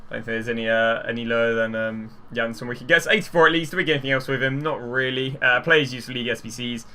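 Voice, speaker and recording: A young man chatting casually through pack openings, rambling and getting excitable at big pulls. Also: mid-range voice, fast. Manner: excitable, chatty, rambling, gets loud at walkouts. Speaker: gaming YouTuber.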